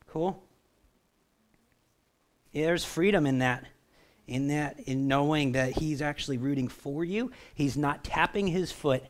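Guy preaching, kinda higher voice, talks casual and keeps asking the room if they're with him. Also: unhurried. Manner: animated, conversational, asks the crowd for response. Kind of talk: sermon. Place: church.

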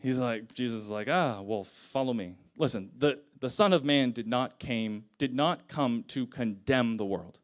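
A man's voice: medium pitch, moderate pace, few pauses. A young man preaching a sermon in a casual, conversational way, retelling scripture in everyday slang.

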